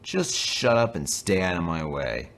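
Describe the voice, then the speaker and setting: A man's voice: deep voice, moderate pace. A man voicing a cross, rude male steam engine in a toy train story. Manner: cross and snappish.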